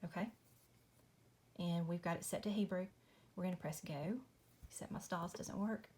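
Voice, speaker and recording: A woman's voice: on the low side, normal speed, darkish tone. Chatty woman explaining scripture. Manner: chatty, apologetic, says y'all. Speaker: Christian video host. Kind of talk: casual Bible study walkthrough. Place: home at night.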